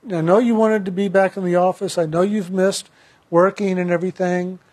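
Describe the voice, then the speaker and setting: A man voicing a calm male spirit guide who speaks gently and persuasively, in his own high voice. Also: a little fast. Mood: gentle.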